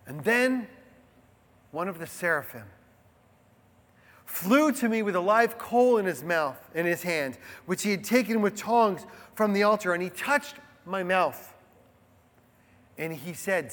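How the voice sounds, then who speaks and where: A man preaching a sermon, shifting between hushed reflection and emphatic proclamation. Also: high voice, lively intonation, measured pace. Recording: long hall reverb.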